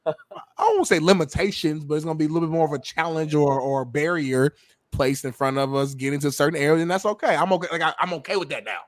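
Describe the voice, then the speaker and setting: A man's voice: fairly high pitch, fast, no room sound. A man co-hosting a sports podcast, earnest in casual chat, often restarting his sentences. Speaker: co-host.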